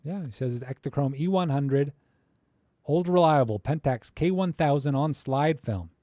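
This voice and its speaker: A man's voice: fairly high pitch, moderate pace, mellow, no room sound, studio quality. A young man chatting casually on a live stream, critiquing viewers' photos with joking asides and rants.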